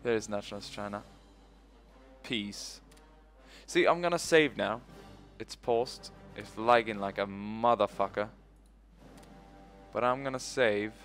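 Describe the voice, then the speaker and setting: A man's voice: on the low side, slow pace, long pauses, a bit bright, faint music behind. A young man commentating his own strategy game playthrough, rambling and swearing often. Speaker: let's play host. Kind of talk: gaming commentary.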